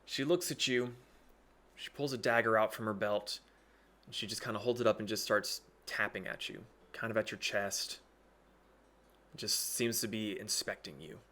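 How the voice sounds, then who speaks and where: Hombre relajado narrando una partida de rol. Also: male voice, on the low side, normal speed. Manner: relaxed, hedging with "kinda". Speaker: game master. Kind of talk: narrating a tabletop game.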